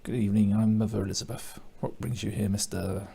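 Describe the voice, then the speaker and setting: A man's voice: lowish voice, fairly even intonation, brisk, gravelly, warm tone, a little hiss or hum. A man voicing a stern older nun in a horror game, cold and formal.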